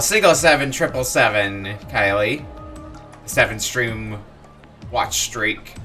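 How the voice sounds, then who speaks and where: A man's voice: medium pitch, bright, forceful tone. A man streaming a video game, chatting casually and playfully with his viewers. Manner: chatty and playful, laughs easily. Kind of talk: casual gameplay commentary.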